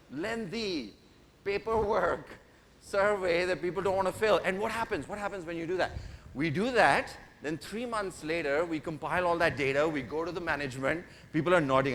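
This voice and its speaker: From a stage microphone in a large conference hall, a male keynote speaker playfully teases and directs his audience during an interactive talk. His voice is a little high and a bit bright, and the recording carries the hall's reverb with faint noise.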